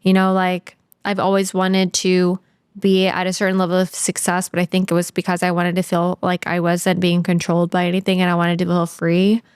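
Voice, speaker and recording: Woman, 30s, podcast guest, heartfelt, near tears, flat even delivery, dry close mic. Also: on the low side, a little fast, clear, resonant tone, no room sound. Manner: earnest and heartfelt, many "like"s. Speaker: podcast guest, sales trainer. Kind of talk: candid interview talk.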